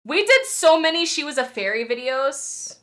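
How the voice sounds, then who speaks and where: Giggly high-voiced woman streamer. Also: expressive, moderate pace, a bit bright. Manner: giggly, apologetic, reads chat aloud. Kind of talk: casual live-stream chat with viewers.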